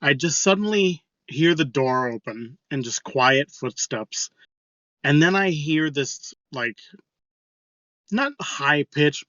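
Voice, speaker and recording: A man's voice: on the high side, fairly bright tone, no echo, muffled recording. A man co-hosting a podcast, telling stories in casual chat with lots of fillers and swearing. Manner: rambling storytelling, heavy swearing. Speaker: podcast co-host.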